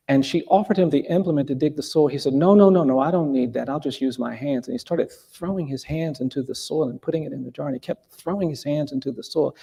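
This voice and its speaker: A man speaking as a guest at a live event, telling a story in a measured, deliberate way with pauses. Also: fairly high pitch, gravelly, warm tone, breathy edge. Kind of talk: earnest storytelling in a live conversation. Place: event hall before a live audience.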